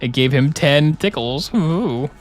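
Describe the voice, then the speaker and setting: A man's voice: fairly high pitch, animated, slow pace, soft background music. Joking young male game streamer. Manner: joking, rambling, playful asides. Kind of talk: casual live-stream commentary while gaming.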